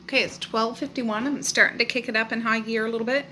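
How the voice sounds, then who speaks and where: A woman's voice: on the high side, steady tone, fast talker, bright, forceful tone, slight background noise. Chatty woman vlogging her holiday cooking. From Nova Scotia, Canada. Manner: chatty, laughs often. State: out of breath. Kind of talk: casual cooking vlog. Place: home kitchen and attic.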